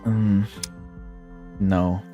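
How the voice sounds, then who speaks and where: A man's voice: on the low side, little pitch movement, extremely slow, dull audio, soft background music. A man streaming a visual novel, commenting casually and chatting with a laugh. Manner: chatty, laughing, self-deprecating. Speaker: game streamer.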